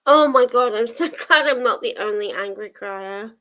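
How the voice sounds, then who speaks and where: A woman's voice: fairly high pitch, moderate pace, sharp tone, poor audio. A young woman hosting a live stream, chatting casually with viewers, laughing often and getting teary. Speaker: livestream host of reading sprints. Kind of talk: casual chat to a live audience.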